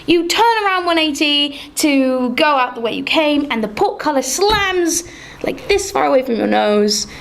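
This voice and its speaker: Lively woman narrating as game master. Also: sits high, moderate pace, gravelly. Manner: lively storytelling with fillers.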